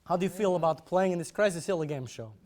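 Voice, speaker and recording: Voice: mid-range voice, fast talker, a little mellow, slight background noise. A playful, goofy host running a live comedy game show on stage. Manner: goofy, playful, audience-rousing.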